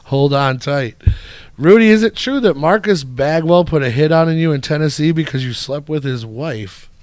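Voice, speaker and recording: A man's voice: a little high, moderate pace, darkish tone. A man hosting a casual podcast, reading out listener questions and laughing along.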